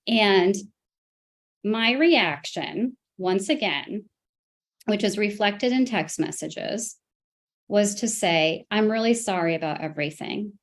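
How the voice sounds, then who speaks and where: A woman testifying in a custody hearing at a middle pitch. She speaks haltingly, stopping and restarting her sentences and filling gaps with ums as she recounts events. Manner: hesitant, halting, full of restarts and fillers. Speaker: parent testifying in a custody case. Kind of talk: court testimony.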